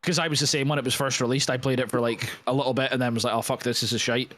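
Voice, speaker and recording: A man's voice: mid-range voice, fairly even intonation, very fast, a bit bright, dry recording. A man talks about games in a rambling way, leaning on "like" and dropping swears. His voice sits in a middle range and is recorded very dry and close. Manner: rambling, lots of filler "like", swears. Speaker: co-host. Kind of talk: casual gaming chat.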